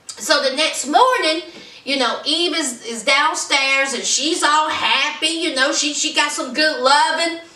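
Animated high-voiced woman recapping a show. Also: a little slow. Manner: animated storyteller, acts out the scenes. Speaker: TV episode reviewer. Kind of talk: casual recap vlog. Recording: roomy echo, mic at a distance.

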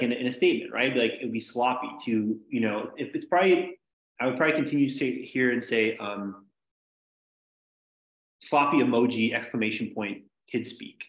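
A man teaching a casual logic class, rambling with many "like"s and restarts. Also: mid-range voice. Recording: echoey room, dull lo-fi sound.

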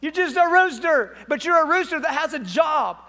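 A man voicing God speaking firmly and reassuringly to a lowly creature with a job. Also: lively intonation, moderate pace, bright, forceful tone, full character voice. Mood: assuring. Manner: emphatic, assuring.

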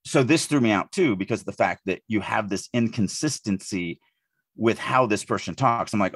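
A man from the Deep South speaks in a husky voice. He co-hosts a casual podcast, thinking aloud with frequent restarts. The recording is dry, with no room sound. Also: normal speed, no echo. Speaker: podcast co-host, writing editor.

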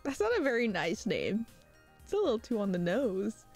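Animated, squealing woman streamer. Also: normal speed, faint music behind. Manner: animated, squeals into high-pitched outbursts and laughs often. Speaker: live streamer. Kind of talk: casual live-stream chat, reading and answering viewers.

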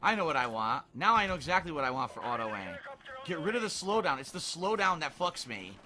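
A man's voice: a little high, sing-song, fairly quick, bright, forceful tone. A man giving frustrated, swearing commentary over his own gameplay. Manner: frustrated, swearing, ranting at the game. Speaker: gaming commentator. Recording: faint gunfire behind voice. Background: game gunfire and explosions.

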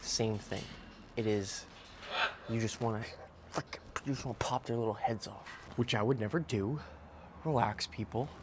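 Slangy, animated man vlogging outdoors. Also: normal speed, long pauses, background noise. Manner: loose, slangy and animated, switches to a high cooing voice for his birds. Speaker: vlogger, bird keeper. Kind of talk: casual vlog chat. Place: outdoor backyard cage area.

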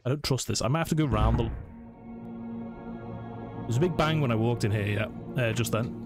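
A man's voice: medium pitch, fairly quick, music in the background. A man commentating a horror let's play, nervously narrating his every move to himself. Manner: jumpy, self-narrating, talking himself through scares. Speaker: gaming channel host.

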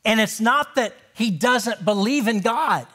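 A male pastor delivers a sermon at a slow, deliberate pace, his voice sitting high for a man. He swings from ringing, emphatic declarations down to soft, almost whispered lines. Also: lively intonation. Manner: dramatic swings from loud proclaiming to hushed near-whisper. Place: church.

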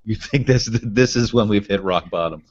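A man's voice: fairly low pitch, normal speed. A man co-hosting a podcast, teasing his partner with short banter replies. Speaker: podcast co-host. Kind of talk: casual chat. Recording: dull lo-fi podcast audio.

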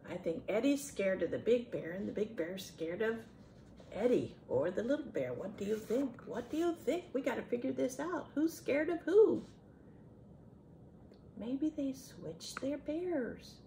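A woman's voice: a little high, big pitch swings, unhurried, vocal fry, mellow, a little hiss or hum. A woman reading a picture book aloud to children, stopping often to chat and ask the young listeners questions. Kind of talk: children's read-aloud with chatty commentary.

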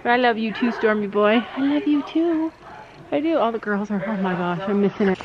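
A middle-aged woman talks casually into a handheld camera, thinking aloud and now and then laying down the rules. Her voice sits a little high. The audio is dull and lo-fi with a faint hiss. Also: expressive, a little fast. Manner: chatty, thinks aloud, bossy bursts when laying down rules. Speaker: family vlogger. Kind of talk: casual vlog chat.

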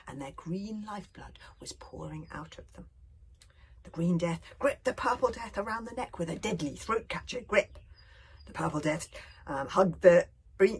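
A British woman, a children's author, reading her storybook aloud in an expressive way that often drops to a whisper. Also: lowish voice, a little hiss or hum. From United Kingdom.

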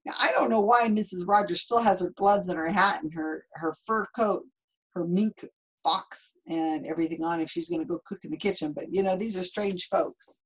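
A woman's voice: fairly low pitch, moderate pace, husky, low-quality recording. A woman in her fifties reading a children's book aloud, stopping for chatty asides about the pictures. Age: 50s. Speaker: storybook reader.

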